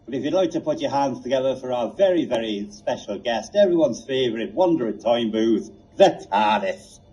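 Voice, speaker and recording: A man hosting a mock chat show, rambling casually with asides. His voice is dark and husky and a bit high. It comes through a dull lo-fi recording. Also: expressive, moderate pace. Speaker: comedy show host.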